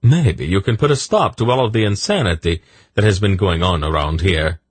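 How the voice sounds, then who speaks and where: A man voicing a sly, smooth-talking little man in an audiobook. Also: low voice, lively intonation, moderate pace, dry recording. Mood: ingratiating. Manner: glib and ingratiating.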